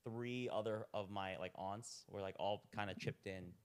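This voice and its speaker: Smooth-voiced laid-back guy. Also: fairly low pitch, fairly even intonation, moderate pace. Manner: laid-back, rambling, lots of "like". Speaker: podcast guest, restaurant owner. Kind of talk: casual chat.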